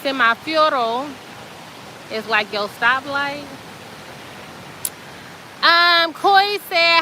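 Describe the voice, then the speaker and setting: A woman host telling a story in a casual, chatty way, animated and colloquial with plenty of fillers. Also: high-pitched, drawn-out words, long pauses, a little hiss or hum, poor audio.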